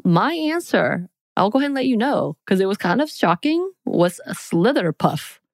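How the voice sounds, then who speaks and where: A woman's voice: medium pitch, big pitch swings, moderate pace, no echo. A woman co-hosting a podcast, reading out quiz questions in a playful, teasing way. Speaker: podcast co-host. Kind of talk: casual chat.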